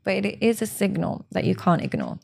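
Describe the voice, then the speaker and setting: A woman's voice: mid-range voice, expressive, brisk, gravelly, a little mellow. A woman speaking as a relationship expert in an interview, explaining with examples and acted-out quotes, stressing points by repeating words. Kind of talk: advice interview.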